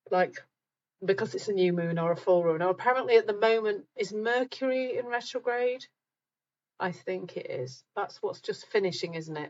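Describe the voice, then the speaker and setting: A woman's voice: lowish voice, highs cut off. A middle-aged woman hosting a live group talk, chatting casually with viewers, reading out their comments and laughing at herself.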